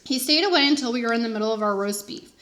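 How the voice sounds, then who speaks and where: A woman teacher reads a children's chapter book aloud to her class. Her narration is expressive and animated, her voice somewhat high. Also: racing. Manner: expressive first-person narration. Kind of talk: storybook read-aloud for children.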